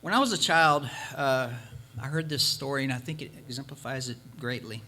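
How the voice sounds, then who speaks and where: A man's voice: medium pitch, fairly quick, pushed and bright. A male preacher giving an emphatic sermon, hammering points by repetition and telling a folk story. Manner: emphatic, repeating points for force.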